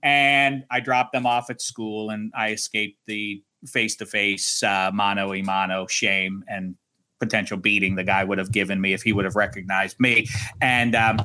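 A middle-aged man co-hosting a sports talk show, telling a story in an animated, self-mocking way. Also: on the low side. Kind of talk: sports radio banter.

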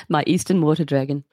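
A woman joins a podcast as a guest, chatting playfully and laughing often. Her voice sits low yet moves with lively swings. The sound is dry and close to the mic. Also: breathy edge, no echo. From Australia. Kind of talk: casual chat.

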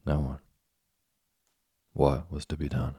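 Very deep, gravelly male sleep-story narrator. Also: monotone, slow, mellow, no echo, clean studio sound.

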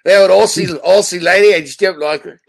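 A man's voice: high voice, fast, vocal fry. A man co-hosting a sports talk show, joking and riffing on movie lines in casual banter. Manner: joking, riffs on movie quotes. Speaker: radio show co-host.

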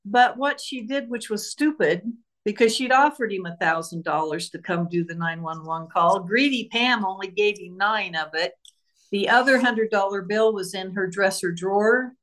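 A woman's voice: medium pitch, moderate pace, a bit bright. A woman author, a guest on an interview show, retelling a true crime case and acting out the voices of the people involved.

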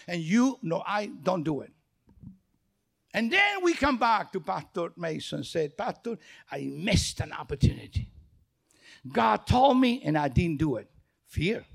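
Man, pastor, sermon, very high-pitched, animated storytelling, non-native English phrasing. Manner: animated storytelling, acts out dialogue.

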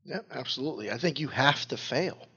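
A man from New York, a podcast guest, giving frank, measured opinions and swearing casually. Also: mid-range voice, animated, pushed and bright, husky. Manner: measured, frank, agreeing with profanity. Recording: dull lo-fi sound.

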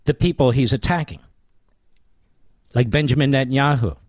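A man's voice: medium pitch, moderate pace, a little mellow, no room sound. A man hosting political talk radio in a combative, sarcastic way that often builds into a heated rant.

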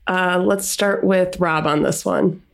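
Female quiz host, lower voice with some fry, brisk and matter-of-fact. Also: steady tone. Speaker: game quiz master. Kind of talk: casual podcast quiz hosting.

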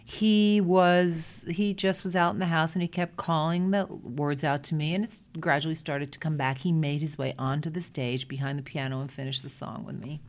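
A middle-aged woman with a Brooklyn accent, telling lively stories as a guest in a casual interview. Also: low-pitched. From Brooklyn, New York. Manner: chatty, animated anecdotes with quick restarts. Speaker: guest, Broadway performer.

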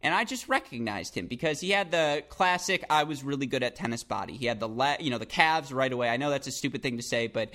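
Excitable rambling male podcast host. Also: medium pitch, fast, few pauses. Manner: excitable, animated, rambling with quoted voices. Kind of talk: casual podcast chat and storytelling.

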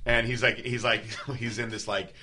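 A man's voice: medium pitch, moderate pace, a little hiss or hum. A man co-hosting a podcast, chatting casually and retelling stories with acted-out quotes. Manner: animated storyteller who acts out quotes. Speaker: podcast co-host. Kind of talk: casual chat.

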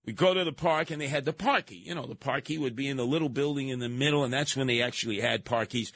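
A man's voice: mid-range voice, fast, a bit bright, no room sound. A man hosting a talk radio show, ranting combatively and sarcastically and acting out the people he quotes. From New York City.

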